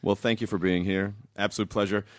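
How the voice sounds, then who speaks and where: A man's voice: lowish voice, flat delivery, brisk. An American man hosting a podcast, chatting casually and enthusiastically with many restarts. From United States. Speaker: podcast host. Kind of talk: casual interview chat.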